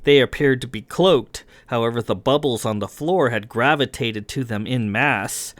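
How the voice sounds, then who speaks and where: A man narrating his own science fiction novel aloud in a steady, even storytelling voice. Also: mid-range voice, moderate pace, no echo. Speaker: author and reader. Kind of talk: audiobook narration.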